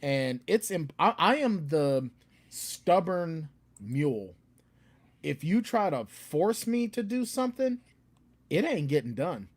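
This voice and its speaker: A man chatting casually as a guest author on a video call. His voice swings up and down a lot, and he keeps jumping into loud, higher-pitched replays of his own rants before he settles back down. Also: slow. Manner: animated, acts out his own outbursts in a louder, higher voice. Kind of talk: casual chat.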